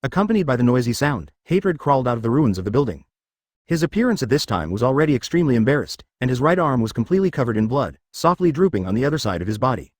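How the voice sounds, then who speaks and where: A man's voice: mid-range voice, big pitch swings, quick pace, a little mellow, dry recording, clean studio sound. A man reading a web novel aloud as narrator, dramatic with stiff translated phrasing.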